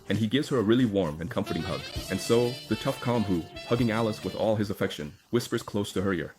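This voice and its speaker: A man's voice: lowish voice, fast, few pauses, a little mellow, faint music behind. A man narrating a comic story recap in a chatty, casual retelling style, linking events with frequent asides.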